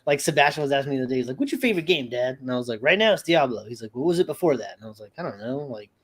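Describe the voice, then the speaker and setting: A man's voice: mid-range voice, expressive, racing. A man co-hosting a casual podcast, bantering and laughing as he tells stories about his kids. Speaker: podcast co-host. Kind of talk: casual chat.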